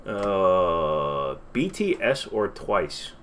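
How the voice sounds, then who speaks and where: A man's voice: fairly low pitch, lively intonation, normal speed, fairly bright tone, a little hiss or hum. A man hosting a casual livestream Q&A from his desk, rambling with lots of fillers and self-deprecating asides. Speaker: channel host.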